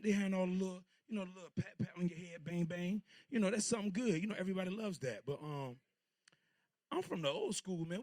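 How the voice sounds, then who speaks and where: A man's voice: sits high, darkish tone, no echo, clean studio sound. A man in his thirties from Virginia doing a stand-up set, telling loose, rambling stories full of crude jokes. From Portsmouth, Virginia. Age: 30s. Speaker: stand-up comedian.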